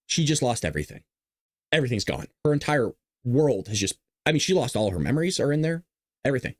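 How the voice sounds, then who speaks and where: A man's voice: medium pitch, very animated, fast, no echo. A man hosting a podcast, talking casually and emotionally, choked up and rambling. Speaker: podcast host. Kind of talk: casual commentary.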